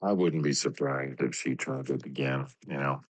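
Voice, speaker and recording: A man's voice: very deep voice, moderate pace. A man ranting in a rambling, emphatic way during a casual political chat.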